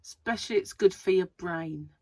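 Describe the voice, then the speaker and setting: A woman's voice: on the low side, normal speed, mellow, no room sound. A middle-aged woman, chatting casually and rambling to camera as a crochet vlogger, laughing often.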